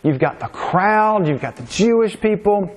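A preacher explains scripture in an informal, chatty sermon and keeps checking in with "right?". His voice sits fairly high for a man. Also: animated, normal speed. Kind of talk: conversational sermon.

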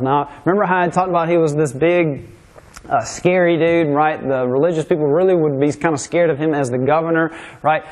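A preacher explains scripture in an informal, chatty sermon and keeps checking in with "right?". His voice sits fairly high for a man. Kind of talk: conversational sermon.

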